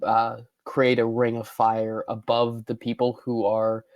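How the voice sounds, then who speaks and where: Man, player, flat delivery, dry sound, halting speech. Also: medium pitch, no room sound, lo-fi sound. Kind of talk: tabletop role-play.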